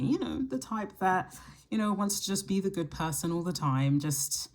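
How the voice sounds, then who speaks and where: A woman hosting her astrology channel, talking casually to camera and thinking aloud in a reflective way, with the odd soft laugh. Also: lowish voice, animated, normal speed. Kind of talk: casual solo talk to camera.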